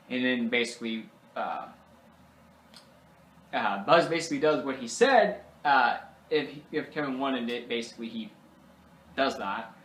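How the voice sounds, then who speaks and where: Man, casual movie recap, rambling with many fillers, mid pitch, roomy echo. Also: a bit bright. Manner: rambling, full of fillers, mimics characters. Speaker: movie reviewer.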